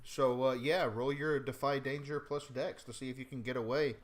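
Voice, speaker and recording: A man's voice: mid-range voice, fairly even intonation, normal speed. A man running a tabletop game as game master, asking players questions and often restarting his phrases. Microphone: home mic on a live stream.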